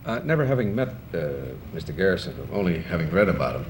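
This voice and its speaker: A man's voice: sits low, fast talker. A male talk show host interviewing a guest in a conversational way, asking short direct questions. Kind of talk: casual interview. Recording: steady background hiss, 1960s television audio.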